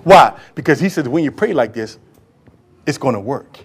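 A man preaching a sermon as pastor, impassioned and talking straight to the congregation, swinging from loud calls to hushed whispers. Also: mid-range voice, lively intonation, normal speed, pauses often, husky. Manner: addresses congregation directly, acts out quoted voices.

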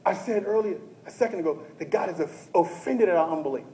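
Man preaching a sermon, high voice, dramatic, hushed to shouting, talks to the congregation. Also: fast talker, few pauses, reverberant, poor audio. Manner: addresses the congregation directly and often. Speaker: pastor.

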